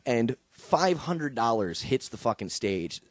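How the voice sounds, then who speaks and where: A man's voice: mid-range voice, very animated, slow pace. A male comedian telling a wild story on a podcast, with punchy, profane delivery. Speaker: guest comedian. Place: studio with podcast guests.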